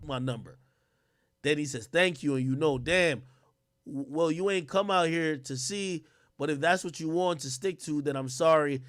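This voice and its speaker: Animated man reacting loudly on a livestream. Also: fairly high pitch, normal speed, no echo, studio quality. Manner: animated, loud reactions, heavy slang and cursing. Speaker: livestream co-host. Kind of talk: casual livestream commentary, reading texts aloud.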